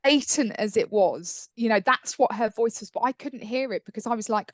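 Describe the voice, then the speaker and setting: A woman's voice: mid-range voice, normal speed, few pauses, dry recording. A woman speaking as a podcast guest, telling her personal story earnestly and acting out the voices in her head. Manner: earnest, acts out inner dialogue.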